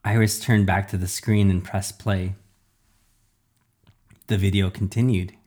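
A man's voice: low voice, little pitch movement, measured pace, darkish tone. A man reading a first-person children's story aloud.

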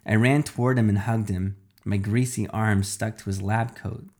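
A man's voice: fairly low pitch, steady tone, normal speed, darkish tone. A man narrating a first-person children's story in a plain reading voice.

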